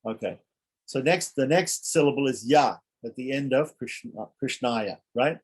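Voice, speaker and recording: A man teaching a scripture class, thinking aloud with frequent restarts and slowly chanting mantra syllables as he explains them. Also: mid-range voice, lively intonation, breathy edge.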